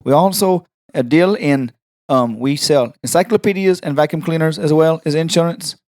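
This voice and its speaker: A man doing a halting scam telemarketer. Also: on the high side, a little mellow, no echo, studio quality, close to an everyday voice. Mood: wheedling. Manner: slow, hesitant, broken phrasing. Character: halting male scam telemarketer with a fake accent.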